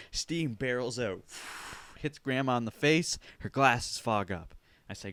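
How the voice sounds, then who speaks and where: A man hosting a podcast, telling a comic story in an animated, profane way with sudden shouted bursts. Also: medium pitch, unhurried, no echo. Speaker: podcast host. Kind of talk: comedic storytelling monologue.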